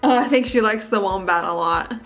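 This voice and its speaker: A woman's voice: mid-range voice, fairly quick, a bit bright, soft background music. A young woman vlogging casually from her couch as she unboxes a package for her dog, often gushing and slipping into baby talk. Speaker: beauty vlogger. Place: living room couch.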